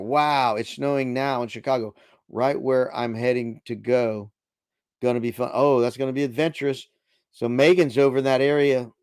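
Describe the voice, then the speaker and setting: A man's voice: mid-range voice, a little mellow, no echo, clean studio sound. A middle-aged man hosting a casual late-night livestream, reading viewer chat aloud into a desk microphone in a chatty, laid-back way. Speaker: livestream host.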